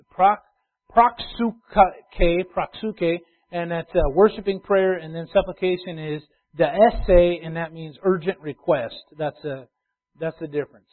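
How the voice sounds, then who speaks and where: A male pastor preaching a sermon, emphatic and repetitive, swinging from loud urging to quiet asides. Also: sits high. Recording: tinny phone-like sound.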